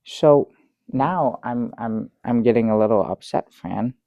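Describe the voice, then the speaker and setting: An actor playing a bumbling middle-aged guest who rambles through a tall tale with many restarts, in improvised sketch comedy. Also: male voice, mid-range voice, unhurried, gravelly, no room sound, narrow, tinny audio. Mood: dry, halting. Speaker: guest on a comedy talk show.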